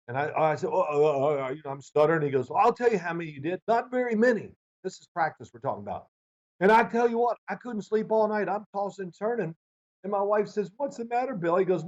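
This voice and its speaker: A man's voice: a little high, muffled recording. A man in his sixties, a former quarterback, telling stories in an interview and acting out his old coach's lines. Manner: animated anecdotes, acts out quoted coach in raised voice. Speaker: former football quarterback, guest. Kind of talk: storytelling interview answers. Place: remote video call.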